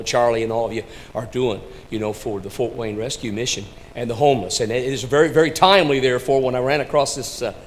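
A man delivers a sermon in a middle-pitched voice that drops to quiet asides and then climbs to loud, ringing declarations. He talks to people in the room by name. A faint background noise sits under the recording. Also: low-quality recording. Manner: dynamic swings between soft and loud, addresses listeners by name. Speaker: preacher.

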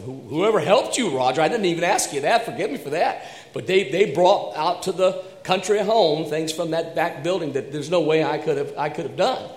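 Pastor with a booming, echoey voice. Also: male voice. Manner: animated storytelling, then slow hushed prayer. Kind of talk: church service sharing and prayer.

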